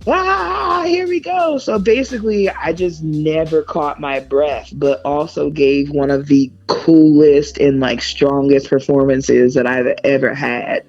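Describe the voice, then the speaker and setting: A woman musician telling a lively backstage story in a casual interview, laughing often as she goes. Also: low voice, unhurried, hardly any pauses, highs cut off, faint music behind. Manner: animated, laughs often, acts out others' lines. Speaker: musician guest.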